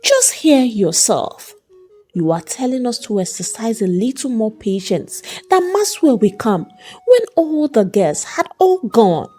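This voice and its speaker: A woman's voice: on the high side, very animated, a little slow, warm tone, faint music behind. Woman doing a scornful angry uncle. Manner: scornful, scolding. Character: angry scornful uncle, middle-aged man.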